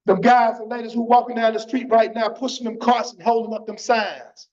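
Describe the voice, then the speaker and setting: Man, high voice, preaching his testimony with fervor, keeps saying "man"; muffled church stream audio. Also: fairly even intonation, a little fast, darkish tone. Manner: fervent, repeats phrases, tags lines with "man".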